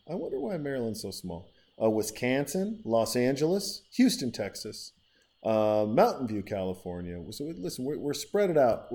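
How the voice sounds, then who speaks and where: A man hosting a casual podcast, rambling from one tangent to the next with plenty of swearing. His voice is mellow and warm, sitting at an ordinary middle pitch. He talks loosely and directly to his listeners. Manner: rambling, profane, riffing with listener shout-outs. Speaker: podcast host.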